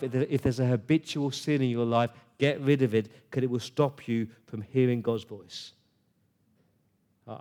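A preacher with a mellow, somewhat dark voice at medium pitch delivers a sermon. He speaks to his congregation in an earnest, conversational way, pausing and restarting as he goes.

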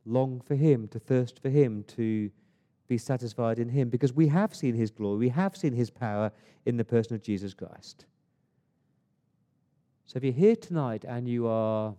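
Mellow-voiced male preacher. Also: medium pitch. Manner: builds to emphatic praise, then drops to a soft prayer. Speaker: pastor. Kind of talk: sermon.

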